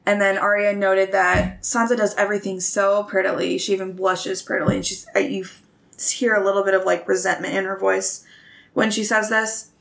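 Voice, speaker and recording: A woman's voice: medium pitch, little pitch movement, normal speed, creaky, a bit bright. A woman casually retelling a book chapter for a podcast, chatty with many fillers. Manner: chatty, many ums and likes. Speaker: podcast host summarizing a book.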